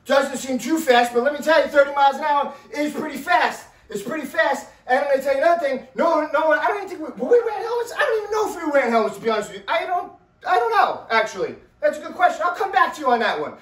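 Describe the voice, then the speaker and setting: Animated man telling a story, roomy and distant. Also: very high voice, fast. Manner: animated, loud bursts, keeps asking "right?". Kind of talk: casual storytelling.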